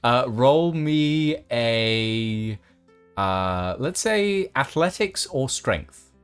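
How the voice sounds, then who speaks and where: A man narrating a tabletop game as game master, unhurried and full of ums and uhs. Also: medium pitch, expressive, a bit bright, smooth, soft background music.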